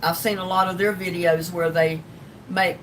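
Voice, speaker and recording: A woman's voice: little pitch movement, normal speed, a bit bright. An older woman with a North Carolina Southern drawl, chatting casually and rambling on her livestream as she answers viewers. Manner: rambling, folksy, with frequent ums and laughs. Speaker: livestream host. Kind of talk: casual livestream chat reading comments. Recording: distant mic with faint rumble.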